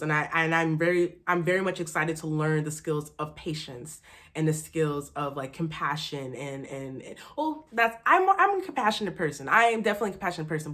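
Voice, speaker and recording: Chatty young woman with a low voice. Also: fairly bright tone. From Texas, USA. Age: young adult. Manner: chatty and candid, full of fillers and swearing. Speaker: vlogger, new teacher. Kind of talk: casual chat to camera. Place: small apartment indoors.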